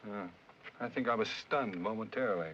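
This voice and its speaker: An actor playing a flustered, stammering French army officer in a 1940s screwball film comedy. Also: male voice, on the low side, brisk, close to an everyday voice. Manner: bumbling, stammering, protesting. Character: flustered, sleepy male French officer in love. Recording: dull, hissy 1940s film soundtrack.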